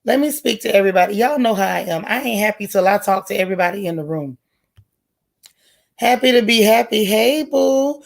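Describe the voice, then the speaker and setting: A woman's voice: mid-range voice, fairly quick, vocal fry. A woman hosting a casual livestream, chatty and folksy, greeting each viewer by name with pet nicknames. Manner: folksy, relaxed slang. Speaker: livestream host. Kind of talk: casual live-chat stream.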